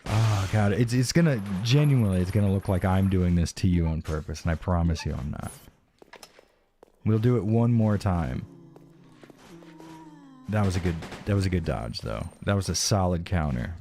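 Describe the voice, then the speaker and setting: Frustrated low-voiced male streamer, tiring voice. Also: expressive, normal speed, dark tone, a little hiss or hum. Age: adult. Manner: frustrated, swearing, talking to chat; thanks donors. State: voice starting to go hoarse. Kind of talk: live gameplay stream chat.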